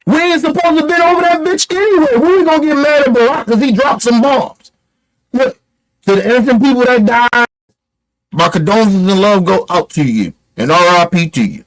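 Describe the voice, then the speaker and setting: A man's voice: extremely high pitch, normal speed, rough recording. A man giving a heated, profane commentary rant, blunt and emphatic, firing off rhetorical questions. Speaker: online commentator.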